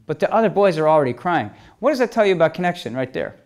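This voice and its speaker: A man's voice: on the high side, very animated, very fast. A man giving a conversational storytelling talk, acting out exchanges as dialogue and checking in with his listeners. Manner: keeps checking in with "okay?" and "you know?"; re-enacts exchanges as quoted dialogue. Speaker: speaker telling stories to an audience.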